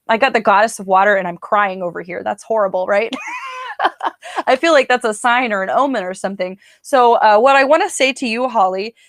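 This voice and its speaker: Woman, live card reader at home, chatty and rambling, dry close sound, mid pitch. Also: a bit bright, no echo. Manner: chatty, rambling, talks straight to viewers. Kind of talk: casual live-stream card reading.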